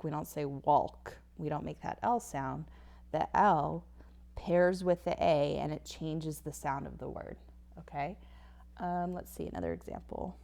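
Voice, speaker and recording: A woman's voice: low voice, vocal fry, darkish tone. A woman teaching a phonics lesson over slides, patiently sounding out each word. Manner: slow, patient, sounds words out. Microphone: tablet whiteboard recording.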